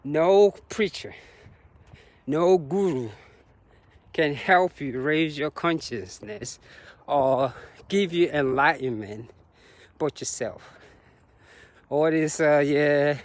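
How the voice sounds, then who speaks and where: A man's voice: a little high, slow pace, pauses often, no echo. A man talking to the camera while jogging outdoors on a road, slightly out of breath and sharing reflective, motivational thoughts with frequent laughs. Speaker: vlogger. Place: outdoors on a road beside traffic.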